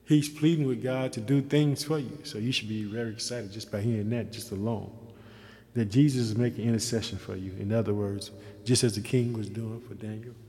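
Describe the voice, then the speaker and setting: A man's voice: lowish voice, steady tone, fairly quick, warm tone. A man giving an informal sermon, reading scripture aloud and then commenting on it in loose, folksy asides, with fervent emphasis. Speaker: Bible teacher. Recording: echoey room with long reverb.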